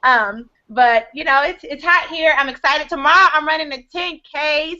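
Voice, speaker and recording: A woman's voice: sits high, moderate pace, few pauses, pushed and bright. A woman from the US South with a Southern American accent, chatting playfully and joking about herself. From Atlanta area, US South. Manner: playful, self-mocking. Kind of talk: casual video chat. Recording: dull lo-fi webcam audio.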